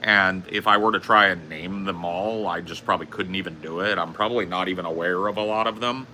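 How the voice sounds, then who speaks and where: With a low, bright, forceful voice and a fairly quick pace, a man rambles through a swear-filled livestream rant, repeating himself and coughing often. Slight background noise can be heard.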